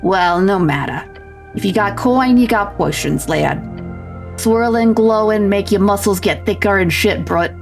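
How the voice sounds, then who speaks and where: A woman voicing a gruff, cocky male goblin potion seller who talks in rude street slang with a crunchy voice. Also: mid-range voice, unhurried, faint music behind. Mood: brash. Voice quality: crunchy, gravelly.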